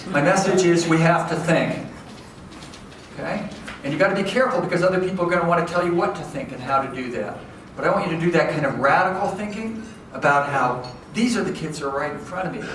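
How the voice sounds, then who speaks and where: A man giving a lively, conversational lecture to educators, often checking in with his audience. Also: a little high, fast. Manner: lively, conversational, keeps checking in with "okay?" and "right?". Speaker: education professor giving a talk. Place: large hall with an audience. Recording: echoey hall from far off, faint noise.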